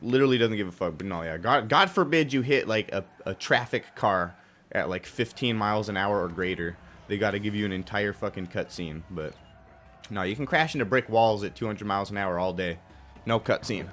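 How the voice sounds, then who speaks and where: A young man with a hoarse, roughened voice that sits a little low, chatting loosely with a live audience while he plays a racing game. He rambles, swears freely and tends to jump up loud when something annoys him. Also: fairly quick, a little hiss or hum. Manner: casual, profane, rambling, with sudden loud outbursts. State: hoarse, strained throat. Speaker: gaming streamer. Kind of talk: live stream commentary.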